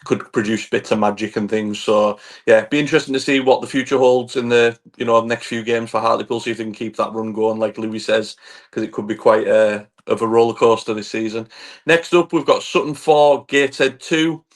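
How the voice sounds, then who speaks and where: A man's voice: medium pitch, brisk. A man hosting a casual football podcast who chats easily and hands the floor to his co-hosts with plenty of fillers. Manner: relaxed, hands over to co-hosts with filler words. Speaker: podcast host.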